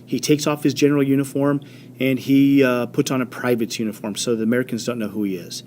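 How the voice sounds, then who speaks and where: A man teaching a history lesson in an animated storytelling way, with many fillers and quick voiced quotes. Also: mid-range voice, a little hiss or hum. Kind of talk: classroom history lecture.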